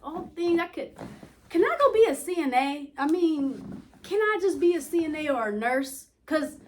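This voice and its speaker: A woman's voice: high-pitched, expressive, normal speed, slight background noise. A young woman vlogging in a casual, rambling way, telling stories animatedly and acting out dialogue, laughing often, recorded on wireless earbuds. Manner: laughs often while talking. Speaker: YouTuber. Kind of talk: casual rambling vlog talk.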